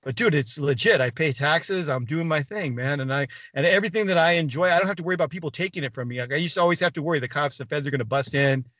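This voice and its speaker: A middle-aged man telling stories as a podcast guest, animated and blunt, acting out dialogue and swearing freely. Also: a little high, fast talker, hardly any pauses, no room sound. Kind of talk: casual storytelling.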